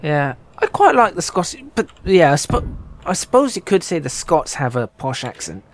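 A man's voice: a little high, sing-song, normal speed, a little hiss or hum. A man hosting a multiplayer game session, musing half to himself while he builds. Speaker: host. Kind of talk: casual gaming chat.

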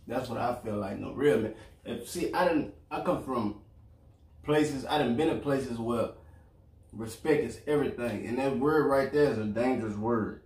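A man's voice: mid-range voice, normal speed, darkish tone. A man talking in an earnest, plain-spoken way in a casual couple chat over a meal. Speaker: boyfriend, co-host. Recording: echoey room, mic at a distance.

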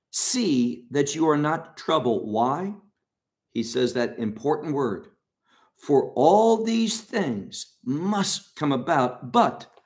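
A man teaching from the Bible, speaking deliberately and stressing key words. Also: a little high.

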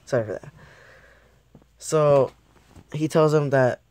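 A man's voice: on the high side, slow pace, darkish tone, a little hiss or hum. A young man giving a casual, rambling episode review who often loses his train of thought and laughs at himself. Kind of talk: casual video commentary.

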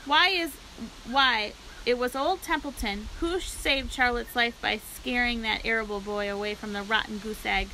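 A woman's voice: fairly high pitch, normal speed, bright, forceful tone, a little hiss or hum, poor audio. A woman voicing a lazy male rat who grumbles and mocks sarcastically, in a storybook read-aloud. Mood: mocking. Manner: sarcastic, mocking and complaining.

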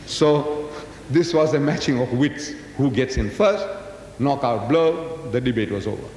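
This elderly Muslim man from South Africa, in his seventies, tells stories during a religious public lecture and repeatedly poses rhetorical questions to his listeners. His voice is medium-pitched, unhurried and somewhat dark in tone. The recording carries a hall's echo and faint background noise.

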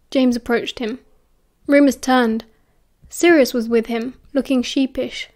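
A woman with a British accent reading an audiobook in an even, measured way. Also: fairly high pitch. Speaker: audiobook narrator. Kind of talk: audiobook narration.

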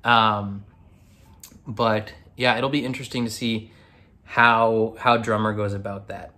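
Unhurried and level, this man's voice sits on the low side with a bright, forceful tone. As a reaction video host, he chats loosely about a TV episode, rambling with many fillers, frequent restarts and lots of laughter.

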